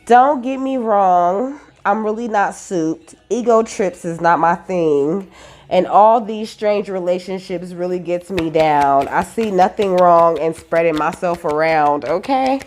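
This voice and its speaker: A woman's voice: fairly low pitch, measured pace, faint music behind. A woman giving a casual spiritual reading, giggling often, swearing casually and asking "okay?" after most points. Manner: giggly, animated, peppered with "okay?"; reads lyrics aloud and swears casually. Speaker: tarot reader.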